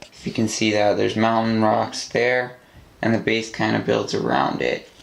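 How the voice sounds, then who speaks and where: A man talking slowly through a casual show-and-tell of his own model, stopping and restarting as he goes. He speaks in a flat tone that barely rises or falls, with a faint hiss of noise behind him. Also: lowish voice, vocal fry, low-quality recording. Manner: rambling, halting with many restarts. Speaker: LEGO builder showing his model.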